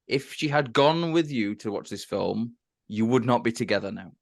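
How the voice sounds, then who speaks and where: A man's voice: medium pitch, lively intonation, moderate pace, gravelly. A man co-hosting a casual podcast chat, wisecracking, laughing often and stammering. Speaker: podcast co-host.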